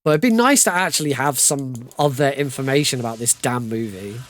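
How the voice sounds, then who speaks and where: A man's voice: medium pitch, animated, brisk, fairly bright tone. A man giving casual, joking live commentary while playing through a video game speedrun. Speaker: speedrunner streamer. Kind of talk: live commentary over gameplay.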